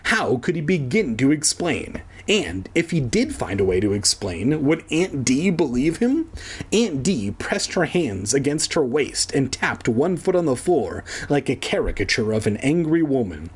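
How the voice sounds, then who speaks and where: Sarcastic husky-voiced man reading aloud. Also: mid-range voice, big pitch swings, measured pace. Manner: sarcastic, crude asides. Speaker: comedic reader. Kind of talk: comedic storybook reading with commentary.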